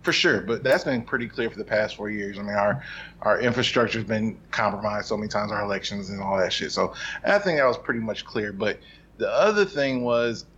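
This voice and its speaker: A man's voice: fairly low pitch, brisk, a bit bright, a little hiss or hum. A man telling a story in a casual group chat, laid back and acting out quotes. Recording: dull lo-fi recording.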